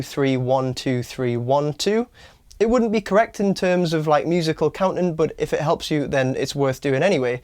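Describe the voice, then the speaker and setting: A man giving an online guitar lesson, explaining strumming step by step and counting beats aloud slowly, with a guitar played between his words. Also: on the high side. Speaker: guitar teacher. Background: acoustic guitar strumming.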